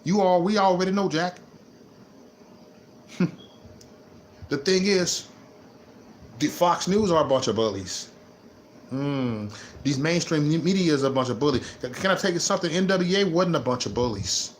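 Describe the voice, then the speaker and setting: Man, raised-pitch voice, repetitive fired-up livestream rant, faint background noise. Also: normal speed, pauses often. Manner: animated and repetitive, swings from low mutter to loud laughing outbursts. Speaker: vlogger.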